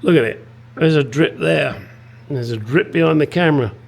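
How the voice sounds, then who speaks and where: A man's voice: a little high, normal speed, gravelly. A middle-aged English man restoring a classic car in his home garage, talking bluntly to the camera and swearing freely. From England. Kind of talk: casual workshop vlog.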